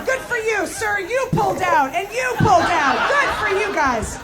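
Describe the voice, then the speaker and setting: A woman in her thirties doing stand-up, shouting with exuberant energy. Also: very high voice, unhurried, few pauses, over loud music, a loud crowd. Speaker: stand-up comedian. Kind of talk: stand-up set.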